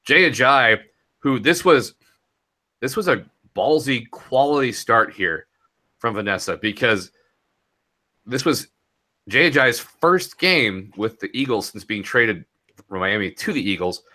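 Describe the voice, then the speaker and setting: A man's voice: medium pitch, expressive, a little slow, long pauses, sharp tone. Casual guy recapping fantasy football. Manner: rambling, casual, laughs easily. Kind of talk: casual podcast chat.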